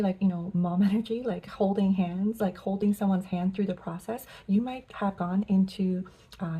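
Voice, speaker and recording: A young woman giving a pick-a-card tarot reading, gentle and affirming, with many filler words. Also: medium pitch, slightly rough, lo-fi sound. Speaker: tarot reader.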